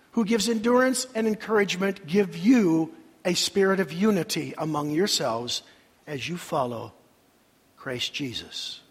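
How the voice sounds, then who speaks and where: An older man preaching a sermon in a church, dramatic, with long pauses and sudden swells of emphasis. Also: sits high, a bit bright, husky. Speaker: senior pastor. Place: church sanctuary. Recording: reverberant church hall.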